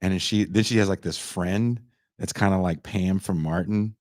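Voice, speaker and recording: A young man hosting a podcast, retelling a movie in casual, profane chat and putting on quick voices for its characters. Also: low-pitched, no echo, clean studio sound. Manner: profane, animated storytelling with put-on character voices. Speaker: podcast host.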